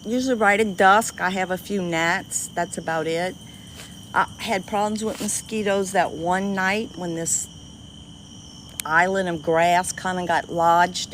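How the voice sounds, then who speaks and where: A woman with a Cajun accent and a squeaky voice, chatting casually with viewers on a livestream from an outdoor dock at night. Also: a little hiss or hum, low-quality recording. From Louisiana. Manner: chatty, greets viewers by name, easily delighted. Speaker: livestream host. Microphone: phone livestream.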